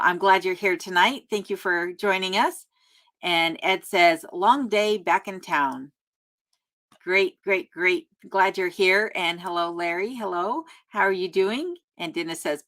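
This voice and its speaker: A woman with a lowish, slightly bright voice hosts a laid-back live stream from home in a remote spot. She reads out chat comments and replies in a friendly way, laughing often and saying um a lot.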